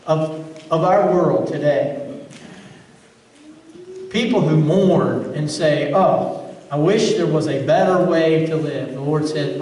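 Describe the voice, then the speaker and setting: A man's voice: on the high side, unhurried, long pauses, darkish tone, a little hiss or hum. A man preaching a sermon as pastor, earnest, often repeating words as he builds a point. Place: church sanctuary. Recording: roomy church sound from far off.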